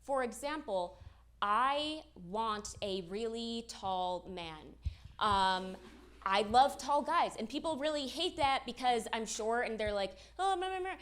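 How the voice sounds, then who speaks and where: A young woman performing a self-deprecating stand-up comedy set on stage, with quick asides to the crowd. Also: a little high, expressive, a bit bright. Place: comedy stage with live audience. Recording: live show with clear background noise.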